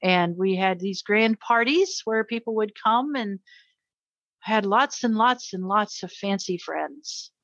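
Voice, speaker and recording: A woman's voice: mid-range voice, takes it slowly, fairly bright tone, no echo, highs cut off. A middle-aged American woman, a guest in an interview, telling a personal story with earnest emotion and frequent repetition.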